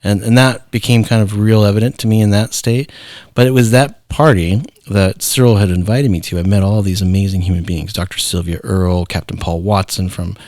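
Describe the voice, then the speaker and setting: Low-voiced man telling animated stories. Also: dry recording, studio quality. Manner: animated storyteller acting out quoted voices. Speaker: guest, founder and artist. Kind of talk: casual storytelling interview.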